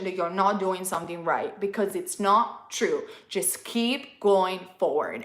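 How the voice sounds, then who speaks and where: Expressive woman, reading tarot casually; sharp bright tone, roomy echo. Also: medium pitch. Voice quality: non-native English. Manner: chatty and expressive, playful asides. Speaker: tarot reader.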